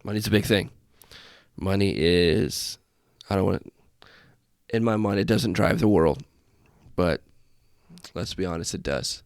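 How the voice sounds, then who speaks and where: A man's voice: low-pitched, unhurried, creaky, pauses often, smooth, no echo, clean studio sound. A man hosting a casual solo podcast, talking in a rambling, self-deprecating way with frequent tangents, from a small room. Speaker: podcast host, airman. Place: small room with festive lights. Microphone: desk setup in front of laptop.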